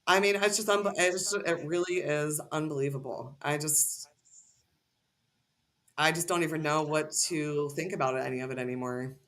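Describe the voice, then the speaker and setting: A woman's voice: sits low, moderate pace, fairly bright tone. A woman as a podcast guest, ranting heatedly and cursing freely in casual conversation.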